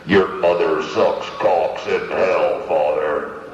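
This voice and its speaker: A man's voice: low-pitched, steady tone, far from the mic, faint music behind, voice pushed down. Man growling as a demonic possessed girl. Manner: slow, guttural menace. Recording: lo-fi bootleg, echoey venue, loud ambience.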